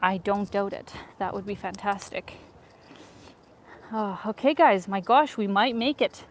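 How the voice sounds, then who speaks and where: In low-quality sound, a travel vlogger from Ukraine talks in an unhurried, medium-pitched voice while walking a footbridge in a winter city. She chats upbeat on her live-stream and reads viewers' messages, and the phone picks up clear street ambience, people passing and an accordion player.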